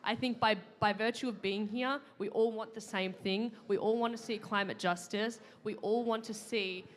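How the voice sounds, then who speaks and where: A woman's voice: medium pitch, steady tone, normal speed. A young woman giving heartfelt closing remarks as a panel moderator, with many fillers and restarts. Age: young adult. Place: conference pavilion at a climate summit.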